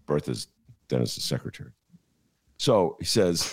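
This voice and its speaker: A man hosting his own talk podcast, his low voice swooping wildly up and down as he riffs. He wanders from tangent to tangent, packing his talk with "uh"s and laughing at his own gags. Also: big pitch swings, moderate pace. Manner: jokey, digressive, full of filler "uh"s. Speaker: podcast host. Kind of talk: rambling comic chat.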